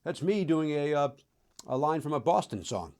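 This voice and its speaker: Animated joking man, lively pitch. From Chicago area. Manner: self-mocking, riffing, throws in quick silly voices. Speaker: podcast host. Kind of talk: comedic monologue about records.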